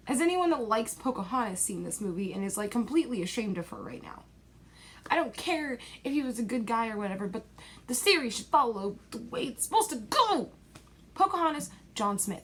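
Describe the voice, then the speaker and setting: A woman's voice: on the high side, very animated, brisk, a bit bright, slightly rough. A young woman in a rambling, exasperated movie-review rant, packed with fillers and dismissive asides, recorded at home.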